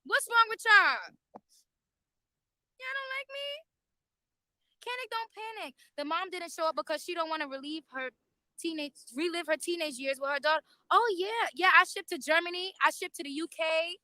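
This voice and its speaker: A woman chatting live to her viewers on a phone, high-pitched and loud, with plenty of swearing. Her voice is bright and sharp, and the sound is close and dry with no room echo. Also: a little fast. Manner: animated, profane, talks straight to viewers. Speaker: YouTube livestreamer. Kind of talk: casual live-stream commentary. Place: outside a courthouse overflow room.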